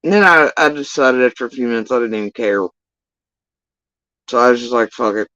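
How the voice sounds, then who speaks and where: A woman's voice: a bass voice, fairly quick, a bit bright, no room sound. A woman giving casual ranting livestream commentary, profane, sarcastic and exasperated, on a dull, dry lo-fi recording. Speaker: YouTube drama commentator.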